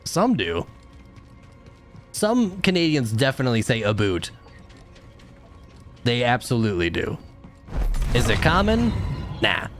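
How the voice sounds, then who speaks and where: Young guy streaming a game, super lively voice, gets mad at puzzles, talks to chat. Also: mid-range voice, unhurried, pauses often, faint music behind. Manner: animated, frustrated outbursts, chatting with viewers. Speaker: gaming streamer. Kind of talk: live game commentary.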